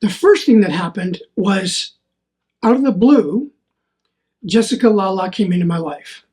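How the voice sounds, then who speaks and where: A man's voice: high voice, unhurried, darkish tone. Earnest rambling man telling a story. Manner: rambling, repeats words, earnest. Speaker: podcast host. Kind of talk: solo faith podcast storytelling.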